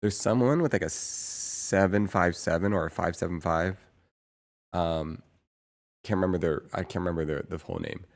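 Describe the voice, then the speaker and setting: Male streamer, deep voice, loose rambling chat to viewers, keeps hunting for words. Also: moderate pace. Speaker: livestreamer.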